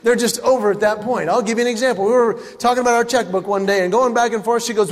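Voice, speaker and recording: High voiced guy doing standup, family stories, punchy delivery, echoing big hall. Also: quick pace, a little hiss or hum. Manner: animated storytelling with punchlines. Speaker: stand-up comedian. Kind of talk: stand-up comedy routine. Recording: reverberant hall with faint ambience.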